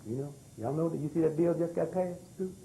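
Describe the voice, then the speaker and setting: A man's voice: fairly high pitch, a little fast, gravelly, a little hiss or hum, rough recording. A man in his sixties giving a live lecture, calling out to the audience for answers and hammering key words through repetition. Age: 60s. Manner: animated, calls out to the crowd for responses; emphatic, repeats key words.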